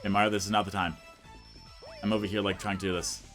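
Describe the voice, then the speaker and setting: A man's voice: fairly low pitch, flat delivery, fast, fairly bright tone. A young man casually commenting on his own gameplay as a let's play host, rambling and stuffing his sentences with "like". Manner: rambling, fills every sentence with "like". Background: faint game music.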